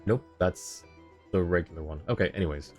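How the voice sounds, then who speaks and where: Deep-voiced rambling male game streamer. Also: a little fast, soft background music. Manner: rambling, chatty, laughs often. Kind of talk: casual live-stream chat.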